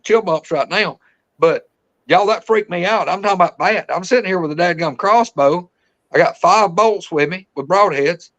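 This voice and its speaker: Brief: man, a bit high-voiced, an excited rambling storyteller for a podcast guest spot. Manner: excited, breathless retelling full of fillers. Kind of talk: casual storytelling.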